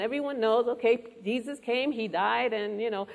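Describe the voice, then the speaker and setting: A woman's voice: on the high side, fairly quick, gravelly. A woman preaching a sermon to a congregation, earnest and engaging, often asking the room questions. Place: church hall before a congregation. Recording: long hall reverb.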